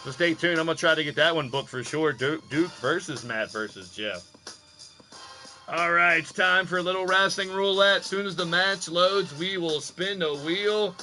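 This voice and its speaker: Bright, playful male stream host. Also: fairly high pitch, normal speed, faint music behind. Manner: loose, profane and playful, hyping the live chat. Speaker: wrestling commentator and live stream host. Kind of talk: casual live-stream commentary.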